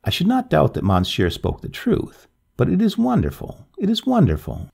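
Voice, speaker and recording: A man voicing a dignified, pious Breton fisherman with a strong foreign accent in a storybook reading, speaking gravely. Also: sits high, wildly swooping pitch, normal speed, a little mellow, pitched above the performer's own voice, heavily acted.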